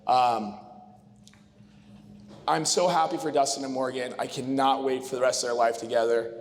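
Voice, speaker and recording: A man's voice: mid-range voice, fairly even intonation, normal speed, slight background noise. A man in his thirties giving an emotional, heartfelt wedding toast as best man, rambling with fillers. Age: 30s. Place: wedding reception hall. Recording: long reverb of a reception hall.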